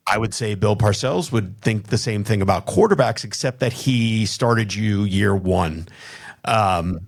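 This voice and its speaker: Man, lowish voice, interview host, friendly chatty questions. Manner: friendly, quick asides, chatty. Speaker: podcast host.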